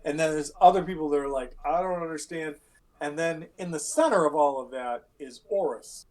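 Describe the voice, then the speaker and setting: Casual, profane male game master, a bit high-voiced, narrates with sound effects. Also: a little fast, a little mellow. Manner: casual, swearing, acts out scenes with sound effects.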